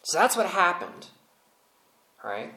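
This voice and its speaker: A male pastor preaching a sermon, telling the story in a relaxed, humorous, conversational way. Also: high voice, takes it slowly, echoey room, rough recording.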